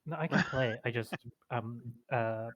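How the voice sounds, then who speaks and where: A man's voice: medium pitch, normal speed, fairly bright tone, dull audio. A British man playing a board game online, bantering with dry sarcasm. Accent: British English. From Britain. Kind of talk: casual game chat over voice call.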